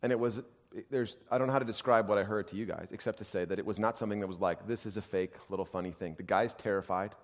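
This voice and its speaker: A man preaching a sermon as a pastor, telling stories that swing between loud emphasis and hushed, quiet asides. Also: on the low side, fast, hardly any pauses. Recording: long hall reverb.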